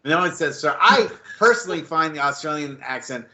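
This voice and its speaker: Bright-voiced enthusiastic American host. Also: male voice, fairly high pitch, lively intonation, fairly quick, muffled recording. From United States. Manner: curious, enthusiastic, asks rambling questions. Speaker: interview host. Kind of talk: casual interview chat.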